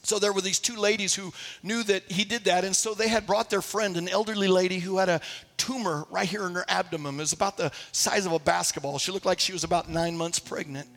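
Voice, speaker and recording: A man's voice: high-pitched, fairly even intonation, a little fast, a bit bright, big-room sound. A man, a pastor, preaching a sermon and telling stories with acted quotes, in a church sanctuary.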